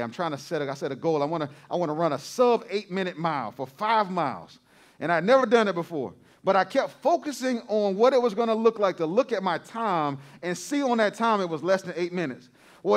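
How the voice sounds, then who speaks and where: A male pastor preaching a sermon to his congregation, repeating phrases for emphasis and calling out to the crowd. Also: high-pitched.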